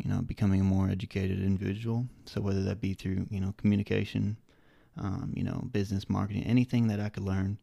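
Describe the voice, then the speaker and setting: A man's voice: low-pitched, vocal fry, warm tone, dry recording. A man co-hosting a podcast in casual chat, with a slight Southern American accent, talking in a rambling way full of fillers. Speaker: podcast co-host.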